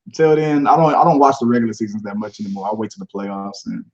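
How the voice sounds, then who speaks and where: A man's voice: lowish voice, fast talker. Guy hosting a chill podcast, rambly and easygoing, kinda dull muffled audio. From Houston, Texas. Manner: laid-back, rambling, laughs often. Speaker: podcast host. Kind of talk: casual chat.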